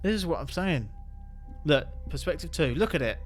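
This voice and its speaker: A man commentating on strange footage with restless enthusiasm, often tripping over his words and firing off rhetorical questions. His voice sits a little high for a man, and faint music plays underneath. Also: moderate pace. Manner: animated, rhetorical questions, stumbling restarts when excited. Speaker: host reacting to viral clips. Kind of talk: excitable reaction commentary.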